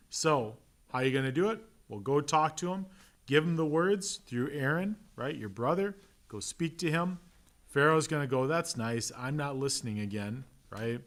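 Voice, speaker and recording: A pastor teaching a relaxed Bible class, conversational and joking, with an Upper Midwest American accent. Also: male voice, medium pitch. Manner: conversational, asks "right?" often, acts out quick voices. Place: church classroom.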